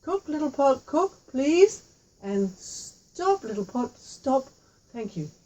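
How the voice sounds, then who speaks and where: A woman's voice: high voice, sing-song, slow pace, dark tone, voice pushed up, heavily acted, low-quality recording. A woman voicing a kind, thoughtful young girl who talks eagerly and earnestly. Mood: careful.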